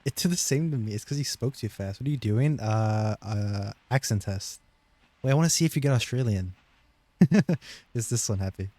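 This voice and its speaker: A man's voice: fairly low pitch, moderate pace, warm tone, dry recording. A young American man chatting casually with friends on a stream, joking and teasing them and laughing often.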